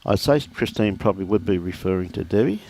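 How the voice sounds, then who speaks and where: Aussie bloke calling the bowls, low voice, jokey chatty, says mate a lot. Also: male voice, animated, fast talker, a little mellow. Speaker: lawn bowls commentator. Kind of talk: live sports commentary, chatting with viewers.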